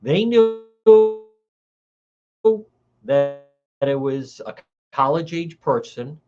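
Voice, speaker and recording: A man's voice: medium pitch, animated, very slow, muffled recording, music in the background. A man hosting a livestreamed political commentary show, talking in a heated, indignant way and repeating his points. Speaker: talk show host.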